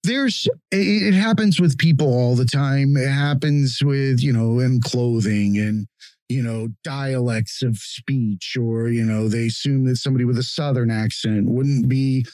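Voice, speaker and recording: A man's voice: mid-range voice, measured pace, a little mellow, no echo. A man hosting a podcast in casual chat, opinionated and blunt, swearing freely. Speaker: podcast host.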